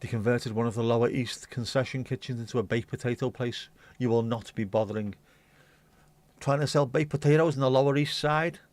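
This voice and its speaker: A man hosting a livestream goes through viewer comments in a blunt, rambling casual chat with the occasional swear. His mid-range voice is brisk, a little mellow, and steady in tone, recorded dry.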